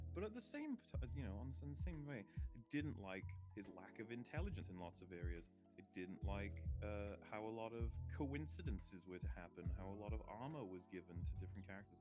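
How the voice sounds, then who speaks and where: Deep-voiced man giving a wry opinion. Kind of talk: casual group chat.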